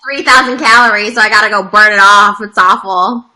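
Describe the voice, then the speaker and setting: A woman's voice: mid-range voice, steady tone, brisk, bright, forceful tone, low-quality recording. A young adult woman chatting as a guest on a livestream, blunt and teasing with a bubbly manner. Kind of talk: casual livestream chat.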